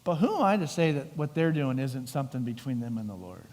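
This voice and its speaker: A man's voice: mid-range voice, quick pace. A middle-aged man preaching a sermon as pastor, telling the story vividly and acting out voices. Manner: animated storytelling with acted-out voices. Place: church sanctuary. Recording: long hall reverb.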